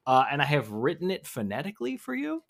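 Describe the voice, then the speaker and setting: A man's voice: fairly high pitch, huge pitch swings, quick pace, vocal fry, a bit bright. A man who is a regular on a podcast, chatting casually with dry, teasing humor. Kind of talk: casual chat.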